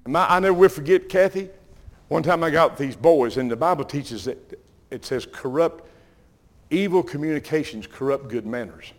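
An older man with a Southern US accent, preaching and telling folksy, animated stories while calling out to the congregation. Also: fairly high pitch, normal speed. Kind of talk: sermon storytelling.

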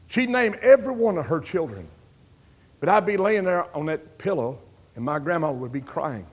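A middle-aged man preaching a sermon, swinging between hushed storytelling and loud exclamations. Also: high-pitched.

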